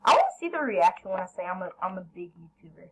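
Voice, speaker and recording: A woman commentating her own gameplay, excitable, yelling at teammates and then apologizing. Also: mid-range voice, fast, very noisy. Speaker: gaming channel host.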